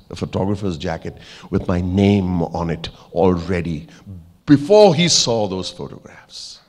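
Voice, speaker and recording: Animated Indian man giving a keynote. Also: deep voice, long reverb tail. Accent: Indian English. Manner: animated storyteller, acts out characters, jokes with the audience. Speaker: keynote speaker. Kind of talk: motivational keynote speech.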